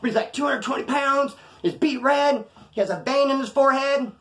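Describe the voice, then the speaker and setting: A man's voice: very high voice, fairly quick, fairly bright tone. A man telling a story from his past in a casual, profane, slang-filled way, acting out the voices of the people in it. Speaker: storyteller talking to camera.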